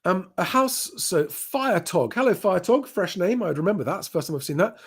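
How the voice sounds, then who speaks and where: A man's voice: high-pitched, expressive, a little fast, husky. A man hosting a live property Q&A, reading out viewer comments and answering them in a chatty, plain-spoken way with frequent ums. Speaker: property advice host.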